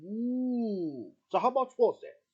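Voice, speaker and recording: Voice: medium pitch, animated, darkish tone, breathy edge. A performer voicing a friendly, hesitant male bear puppet in a homemade show. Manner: hesitant, slow on the uptake. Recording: slightly dull lo-fi sound.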